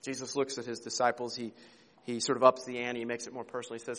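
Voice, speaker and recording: A man's voice: medium pitch, animated, fast, a bit bright. A man preaching a sermon as pastor, earnest and emphatic, repeating words and asking rhetorical questions. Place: church sanctuary. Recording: long hall reverb.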